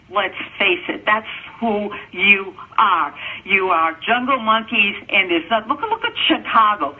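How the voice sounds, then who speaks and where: A woman's voice: medium pitch, husky. Furious middle-aged woman ranting on a voicemail. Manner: furious, profane, repetitive ranting. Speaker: caller leaving a voicemail. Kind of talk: angry voicemail rant. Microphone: telephone. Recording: lo-fi phone voicemail.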